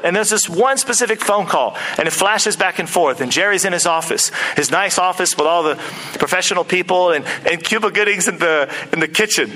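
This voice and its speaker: A man preaching a sermon to his church, lively and animated, acting out quotes and movie scenes. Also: sits high, normal speed, low-quality recording. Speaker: pastor.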